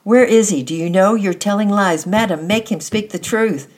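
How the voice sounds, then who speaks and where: A storyteller voicing a frantic, fierce young girl who speaks in a shrill, urgent way with a gravelly edge. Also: animated, brisk. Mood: furious.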